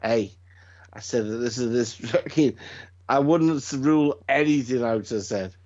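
A middle-aged man, chatting casually as a podcast co-host and telling stories in an animated, sweary way. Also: mid-range voice, unhurried. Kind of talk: casual chat. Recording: dull lo-fi sound.

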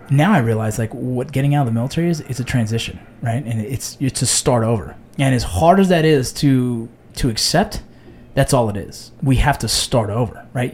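Fast-talking blunt, swearing veteran man. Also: medium pitch, a little hiss or hum. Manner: blunt, swears a lot, animated storytelling. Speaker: podcast host, army veteran. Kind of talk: casual chat.

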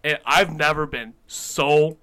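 A young man co-hosting a casual morning podcast, telling stories loudly with lots of swearing and laughter. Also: fairly high pitch, takes it slowly. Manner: loud, laughing, swears a lot. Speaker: podcast co-host. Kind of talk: casual chat.

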